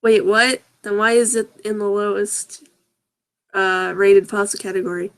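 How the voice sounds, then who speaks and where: Girl slowly reading bad fanfic out loud, keeps cracking up and tripping over the words. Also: mid-range voice, fairly even intonation. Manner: giggly, breaks into laughter while reading; puzzled, stumbling over awkward text. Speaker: video host reading fan fiction and comments aloud. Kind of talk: casual comic read-aloud.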